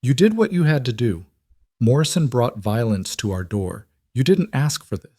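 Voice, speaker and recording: A man voicing a calm protective cowboy. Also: mid-range voice, moderate pace, slightly rough, no echo, clean studio sound, voice pushed up. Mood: gentle.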